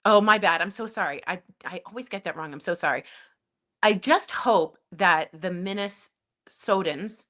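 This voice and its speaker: Bright-toned woman podcast co-host. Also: on the low side, moderate pace. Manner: emphatic, impassioned opinions. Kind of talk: casual news chat.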